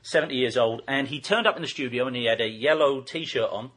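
A man from England, a broadcaster telling animated anecdotes in casual chat, with many fillers and restarts. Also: mid-range voice, brisk.

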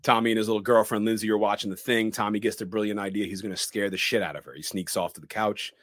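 A man's voice: lowish voice, fairly even intonation, fast, a bit bright, dry recording, studio quality. A man co-hosting a podcast, recapping a movie scene by scene and acting out the characters' lines. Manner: narrates scenes dramatically, quoting characters in shifted voices. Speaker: podcast co-host.

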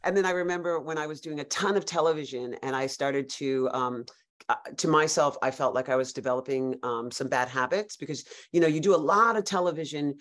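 A woman actor as a podcast guest, telling lively stories in a casual, animated way with frequent restarts. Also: deep voice, a little fast. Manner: animated storyteller, many restarts and laughs.

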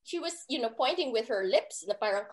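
Lively, high-voiced Filipino woman. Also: brisk. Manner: lively, laughing, switching between English and Tagalog. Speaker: guest. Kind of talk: animated storytelling chat.

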